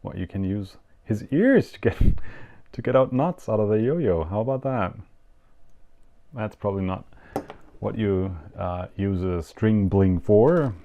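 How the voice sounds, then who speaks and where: A man's voice: on the low side, animated, a little slow, highs cut off. A man with a German accent hosting a yo-yo show, rambling and self-mocking through a live unboxing. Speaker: yo-yo show host.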